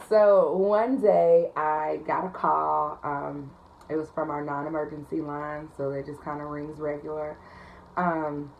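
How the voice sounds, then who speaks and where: Low-voiced woman telling a work story. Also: gravelly, a little hiss or hum, low-quality recording. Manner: chatty, frequent ums and likes, laughs at her story. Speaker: 911 call taker and dispatcher. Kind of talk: casual storytime vlog.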